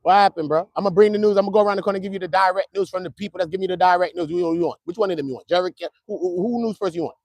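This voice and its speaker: A man streaming trial updates from outside a courthouse, joking in loose street talk that swings from loud to muttered. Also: sits high, rapid-fire, few pauses, no room sound. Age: adult, at least 55. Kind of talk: casual live-stream chat. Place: outdoors near a courthouse.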